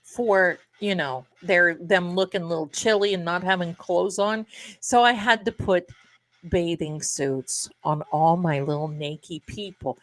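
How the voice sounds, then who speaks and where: A woman's voice: fairly low pitch, unhurried. A middle-aged woman hosting a live tarot stream, chatting casually and rambling to her viewers, calling them her darlings.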